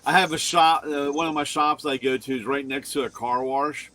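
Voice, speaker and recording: A man's voice: fairly high pitch, steady tone, normal speed, bright, forceful tone. A man who runs a car shop, co-hosting a casual show and telling a rambling story that he often corrects as he goes. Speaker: show co-host; shop owner.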